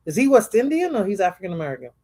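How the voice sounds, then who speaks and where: Casting note: man with a high, swooping voice, expressive and opinionated co-host. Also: rapid-fire, a little hiss or hum. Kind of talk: casual chat.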